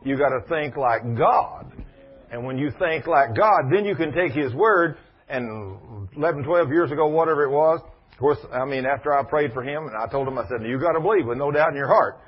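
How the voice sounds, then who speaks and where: A man preaching a sermon, telling stories in a folksy, emphatic way with big swings in loudness. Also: animated, normal speed. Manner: folksy, emphatic, dramatic swings in pitch and volume. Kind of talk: sermon with storytelling. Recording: muffled, husky lo-fi sermon recording.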